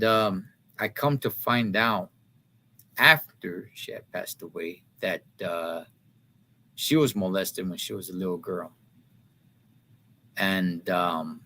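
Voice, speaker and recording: A man, hosting a live talk stream in a casual, heartfelt way, halting with many fillers and restarts and dropping to a soft voice. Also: fairly low pitch.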